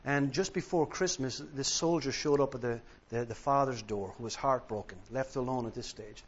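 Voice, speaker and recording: A man's voice: mid-range voice, normal speed, slightly rough, dull audio. A man preaching a sermon, emphatic and fond of repeated parallel phrases, telling a story to make his point.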